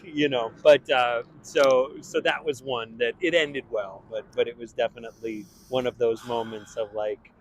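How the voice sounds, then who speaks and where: A man being interviewed as a guest, telling lively anecdotes and acting out other people. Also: mid-range voice, normal speed, hardly any pauses, a little hiss or hum, poor audio. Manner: animated, acts out voices in anecdotes. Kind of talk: casual chat.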